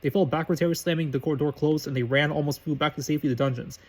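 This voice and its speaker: A man reads a story aloud at a brisk clip, now and then stumbling and restarting a phrase. His voice sits somewhat high and moves quickly. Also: fairly even intonation, husky. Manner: brisk reading with slips and restarts. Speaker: reader of fan fiction.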